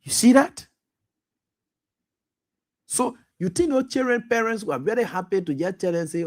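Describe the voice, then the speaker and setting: A man's voice: sits high, lively intonation, moderate pace, pauses often. A man hosting a radio talk show, delivering impassioned, accusatory political commentary with repeated pointed questions. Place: radio studio.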